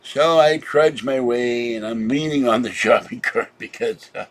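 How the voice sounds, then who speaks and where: A man vlogging a meandering personal story in a chatty way, tired and low on energy, with sudden loud exclamations. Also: unhurried.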